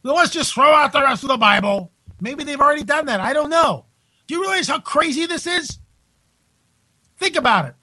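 A man's voice: extremely high pitch, expressive, a little fast, pauses often, pushed and bright, low-quality recording. A man hosting a live radio talk show from home, emphatic and incredulous, full of rhetorical questions and restarts.

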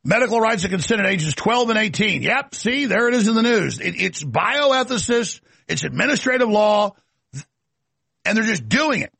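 A middle-aged male host rants through a political monologue in a high, very gravelly voice. His tone is bright and slightly husky, and the sound is dry and close. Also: lively intonation, normal speed, dry recording. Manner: ranting, emphatic, rambling. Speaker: talk show host. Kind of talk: political talk-show monologue.

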